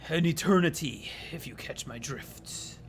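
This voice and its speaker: Smug, silky game narrator, teasing and theatrical, high and lively, as a streamer puts him on. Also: male voice, unhurried, a little hiss or hum. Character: smug, well-spoken male game narrator. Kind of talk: reading a game narrator aloud.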